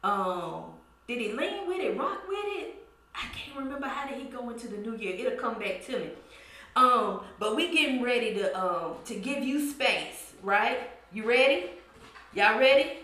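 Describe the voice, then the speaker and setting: A woman's voice: a little high, lively intonation, moderate pace, sharp tone. A woman hosting a church-culture podcast, teasing her listeners in a playful, call-and-response style. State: out of breath. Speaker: podcast host. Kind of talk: playful podcast monologue, chanting dance calls. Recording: very echoey room.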